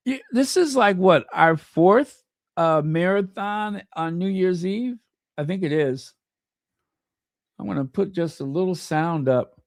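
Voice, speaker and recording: A man hosting a casual livestream, chatty and excitable, talking to himself as he goes. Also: high-pitched, slow pace, no room sound, clean studio sound. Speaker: livestream host.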